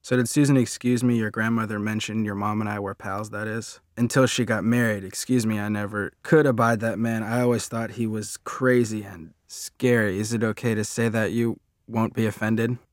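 A man reading an audiobook, voicing a chatty, flustered young mother who talks fast and rambles apologetically. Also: on the low side, fairly even intonation, no room sound, studio quality, natural voice.

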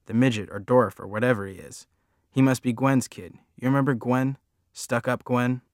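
A man voicing a loud, crude middle-aged woman who taunts and pries. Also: mid-range voice, fairly even intonation, normal speed, no room sound, studio quality, natural voice. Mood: mocking. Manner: taunting, coarse, nosy.

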